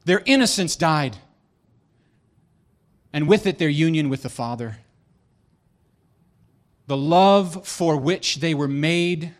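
A man's voice: fairly high pitch, slow, long pauses. A man preaching a sermon with emphatic delivery and playful joking asides.

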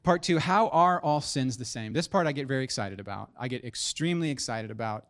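A man in his thirties preaching a sermon as pastor, animated and joking, building to emphatic punchlines. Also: mid-range voice, fairly quick.

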